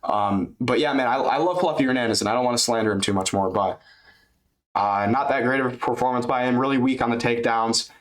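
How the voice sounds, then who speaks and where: A medium-pitched MMA YouTuber talks fast into a webcam, giving a loose, chatty fight recap on his channel. He swears and keeps dropping "man" and "dude."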